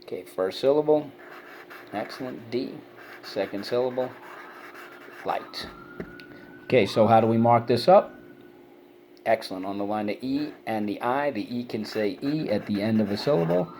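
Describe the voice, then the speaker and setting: A man leads a spelling lesson at a medium pitch, encouraging his pupils. He sounds out words syllable by syllable. A faint hiss of room ambience sits behind him. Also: animated, a little mellow. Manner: encouraging, drills syllables slowly. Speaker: teacher.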